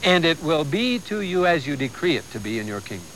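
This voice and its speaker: A man's voice: a little high, sing-song, brisk, a bit bright, slight background noise, low-quality recording. Folksy man preaching. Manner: folksy, conversational, with humor and asides. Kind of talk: sermon.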